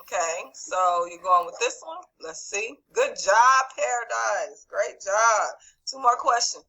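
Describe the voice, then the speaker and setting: A woman's voice: medium pitch, animated, takes it slowly, sharp tone, poor audio. A woman teaching over a video call, reviewing a quiz and calling on students by name in an encouraging way. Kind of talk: online class quiz review.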